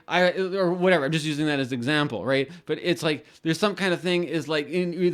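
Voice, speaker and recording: A man hosting an astrology channel, talking in a casual rambling monologue with many restarts and casual swearing. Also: fairly high pitch.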